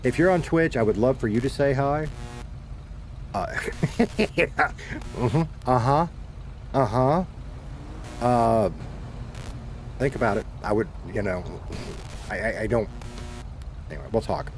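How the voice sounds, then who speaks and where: A man's voice: mid-range voice, measured pace, pauses often, soft background music. A laid-back man with a Southern American accent, rambling casually to his stream chat, swearing now and then. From Southern United States. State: dehydrated.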